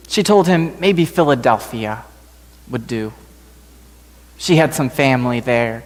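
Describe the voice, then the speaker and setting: A male pastor slowly telling a story during a sermon in a church sanctuary. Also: medium pitch, in a large hall. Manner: slow, gentle storytelling.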